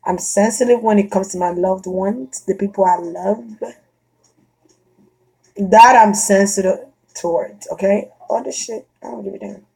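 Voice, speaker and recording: A woman chatting casually and bluntly, swearing freely, laughing often and getting animated. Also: medium pitch, a little slow, creaky, slightly rough. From Florida. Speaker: vlogger chatting to a friend. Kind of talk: casual chat.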